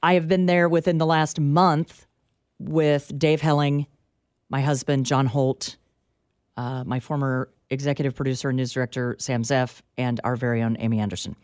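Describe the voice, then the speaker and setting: A woman's voice: extremely low pitch, flat delivery, darkish tone, dry recording, clean studio sound. Wry, emphatic woman radio co-host. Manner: wry, emphatic, quick to laugh. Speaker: radio talk show co-host. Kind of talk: casual radio banter.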